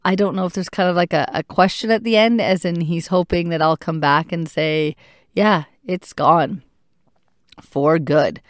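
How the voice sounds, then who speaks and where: A woman in her thirties, a mother speaking candidly and reflectively, thinking aloud with pauses. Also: lowish voice, steady tone, no echo, studio quality. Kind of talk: personal talk to camera.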